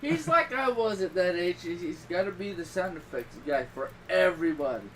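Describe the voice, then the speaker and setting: A middle-aged man hosting a podcast, chatting casually and telling rambling stories with sudden loud bursts. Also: sits high, normal speed, recorded from a distance, rough recording. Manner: rambling, animated storytelling with loud outbursts. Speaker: podcast host. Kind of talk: casual chat. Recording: voice a little off-mic with clear background noise.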